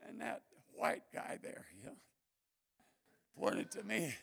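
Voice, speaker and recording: Very gravelly, husky older preacher man. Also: on the high side, slow pace. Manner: animated, swings from quiet asides to loud bursts. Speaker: missionary preacher. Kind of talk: storytelling sermon.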